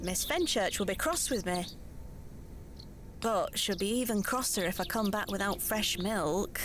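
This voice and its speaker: A woman's voice: medium pitch, a little slow, fairly bright tone, a little hiss or hum, close to an everyday voice. An actress playing a worried young servant girl in an adventure game, speaking politely. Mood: anxious. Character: young servant girl waiting for milk, anxious.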